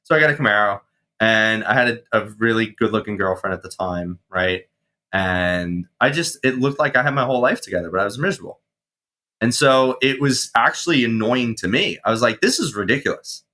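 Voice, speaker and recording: A man in his thirties, a guest on an interview show, telling his story casually with swearing and animated reenactments of his past self. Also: on the low side, fairly quick. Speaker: guest, mindset coach and firefighter.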